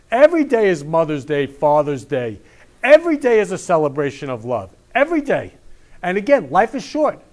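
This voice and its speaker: Gushing man hosting a talk show. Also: a little high. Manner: gushing, repetitive declarations of love. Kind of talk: effusive monologue.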